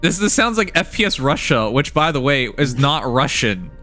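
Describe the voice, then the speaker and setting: Man, middle pitch, very animated, wry provocative banter, faint background music. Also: moderate pace. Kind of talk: casual group chat on a livestream.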